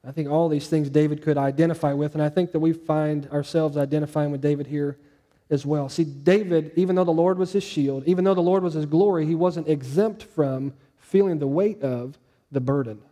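A pastor preaching a sermon, with animated delivery that rises for quoted lines and drops low and soft on key points. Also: male voice, brisk.

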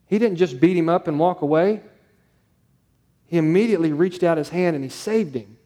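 Emphatic preaching man, slightly high voice. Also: normal speed, mellow. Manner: emphatic, repetitive preaching with rhetorical questions. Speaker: pastor. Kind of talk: sermon.

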